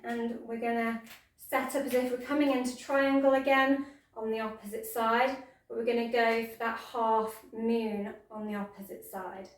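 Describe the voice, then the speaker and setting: Woman yoga teacher, playful gentle cueing, higher voice, very echoey room, mic set back. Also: little pitch movement, normal speed, recorded from a distance. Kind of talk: guided yoga class instruction.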